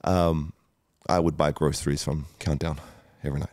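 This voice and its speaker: A man's voice: extremely low pitch, fairly even intonation, moderate pace, darkish tone, no echo, studio quality. A man, a guest telling a candid personal story, emotional, swearing often and using many fillers. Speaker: guest entrepreneur.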